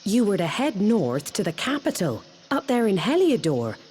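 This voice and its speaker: An actress voicing the hero's kindly country mother in a video game, homely and gently teasing. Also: medium pitch, very animated, normal speed, husky. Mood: explaining.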